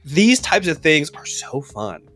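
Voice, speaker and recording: A man co-hosting a casual chat, giving game-running advice in an animated way and often tagging his sentences with "right?". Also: on the high side, unhurried, faint music behind.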